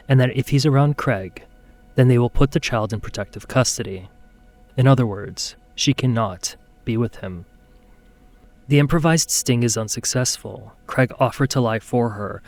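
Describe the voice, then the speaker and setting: A man narrating a true-crime documentary in a measured, scripted way. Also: mid-range voice, darkish tone, no echo.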